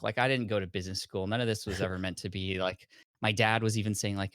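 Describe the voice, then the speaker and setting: A man in his thirties, a podcast guest, telling his story in a lively way and acting out his past self. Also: on the low side, fast talker, clear, resonant tone, no echo, clean studio sound. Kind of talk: storytelling in conversation.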